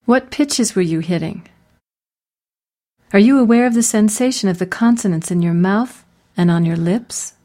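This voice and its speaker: A woman voice coach giving clearly enunciated, call-and-response pronunciation drills. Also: mid-range voice, normal speed, mellow. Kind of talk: guided vocal exercise instruction.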